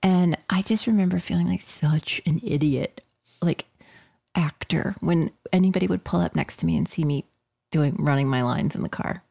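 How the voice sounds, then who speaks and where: A woman co-hosting a casual podcast chat, playful and quick to laugh. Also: sits low, creaky, mellow. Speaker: podcast co-host.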